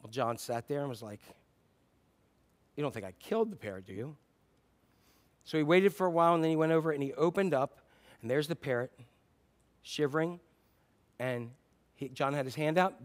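A man's voice: a little high, brisk, long pauses. A man preaching a sermon as pastor, telling a story in a conversational way with fillers and restarts.

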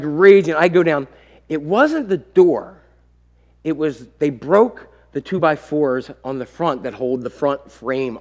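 A middle-aged man preaching a sermon, telling a family story and acting out what each person said. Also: on the high side. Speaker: pastor.

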